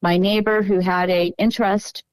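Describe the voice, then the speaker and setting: A woman's voice: mid-range voice, flat delivery, moderate pace, a little mellow, clear, resonant tone, no echo, low-quality recording. A middle-aged woman guest on a podcast, telling a long story in a casual, meandering way and often stopping to correct herself.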